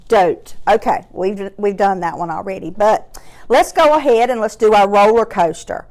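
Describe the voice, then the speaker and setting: A woman teaching a phonics lesson to young children, breaking words into slow, clearly separated sounds and encouraging them along. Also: mid-range voice, lively intonation.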